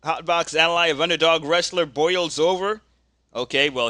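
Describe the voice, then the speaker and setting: A man's voice: fairly high pitch, moderate pace, dry recording, studio quality. A man casually narrating a tabletop wrestling dice game, reading out rolls and calling the action. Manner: casual, reads dice results aloud, gets excited during the action. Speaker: game host.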